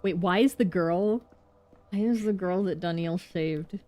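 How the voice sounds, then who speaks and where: Excitable woman streaming a game. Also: fairly low pitch, a little slow, soft background music. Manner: excitable chatty reactions.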